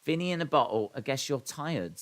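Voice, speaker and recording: A man's voice: mid-range voice, animated, fairly quick. A man hosting a live watch-along stream. He reads chat messages aloud and rambles in a self-deprecating way.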